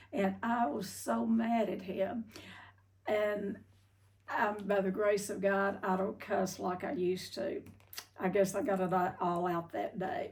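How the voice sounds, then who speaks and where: Older woman with a gravelly voice, telling a folksy story. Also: mid-range voice, far from the mic. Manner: folksy, candid, frequent "uh" and "I mean". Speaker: treatment center owner telling her story. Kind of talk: personal storytelling talk.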